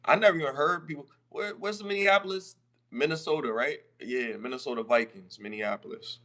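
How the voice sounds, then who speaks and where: Excitable slangy man on a podcast. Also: on the high side, fairly quick. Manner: loose, excitable, slangy, swears often. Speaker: podcast co-host. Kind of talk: casual chat.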